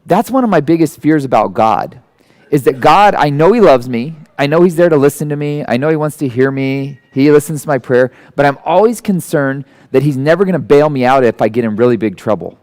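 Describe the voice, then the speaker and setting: A man in his forties giving a conversational sermon, animated and self-deprecating, acting out the people he quotes. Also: on the high side, fairly quick. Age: 40s. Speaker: guest preacher.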